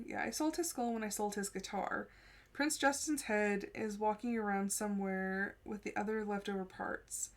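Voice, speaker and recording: A woman hosting a live book-cast, reading a novel aloud and breaking off for casual comments. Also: mid-range voice. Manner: reads steadily, breaks off to chat and laugh.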